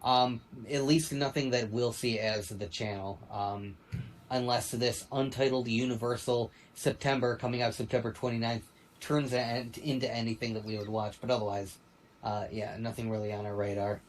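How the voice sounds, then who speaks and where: A man runs a casual livestream chat at a middle pitch. He talks in a loose, easygoing way, pausing on ums and uhs while he keeps things moving. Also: a little hiss or hum, rough recording. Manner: relaxed, many ums and uhs, runs the segment. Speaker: livestream host.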